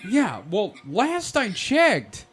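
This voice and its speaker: A man leads a loose, jokey podcast chat, recounting a strange story. His pitch swings widely as he tells it, and he laughs and swears freely. He sounds like a regular host among friends. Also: huge pitch swings, drawn-out words, fairly bright tone, slightly rough. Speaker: podcast host presenting the research. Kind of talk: casual comedic podcast banter.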